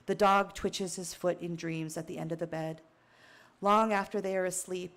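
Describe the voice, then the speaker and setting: A woman from Wyoming reading her own prose to an audience, measured and reflective, with a brief emotional catch. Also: fairly low pitch, fairly even intonation, fairly bright tone. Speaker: author reading her work. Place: outdoor tent stage.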